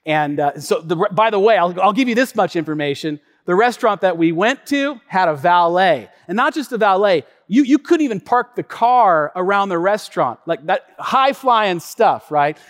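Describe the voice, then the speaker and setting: A male pastor preaching in a chatty, animated storytelling way, full of asides and repetitions, heard in a reverberant church hall. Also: high-pitched, moderate pace, few pauses. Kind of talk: storytelling sermon.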